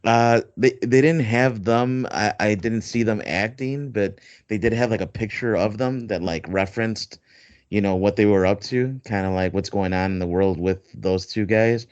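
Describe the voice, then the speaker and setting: A podcast host with a fairly low, darkish voice chats casually at a normal speed, rambling with plenty of fillers and laughing often. The recording is dull, dry and lo-fi, with no echo.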